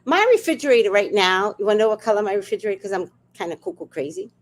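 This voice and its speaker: A woman's voice: mid-range voice, racing. A woman hosting a livestream, telling stories in a loose, chatty way. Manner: chatty, animated storytelling. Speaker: livestream host. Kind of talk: casual chat.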